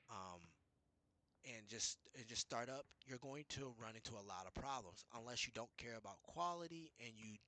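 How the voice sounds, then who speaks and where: A man casually recounting an argument with his boss, rambling and restarting as he quotes both sides. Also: medium pitch. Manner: rambling, restarts often, quotes others in lively retelling. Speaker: storyteller recounting a work dispute. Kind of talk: casual chat.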